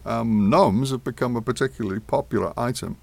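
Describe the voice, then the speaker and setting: A man's voice: mid-range voice, brisk, vocal fry, darkish tone, no room sound. A man in a casual news chat, who brings in stories with dry, wry remarks. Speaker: co-host.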